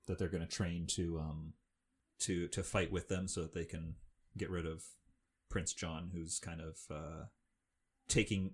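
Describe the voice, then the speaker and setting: A man's voice: sits low, a little mellow. A man co-hosting a podcast, recapping a film in casual, rambling chat full of fillers and restarts. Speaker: podcast co-host.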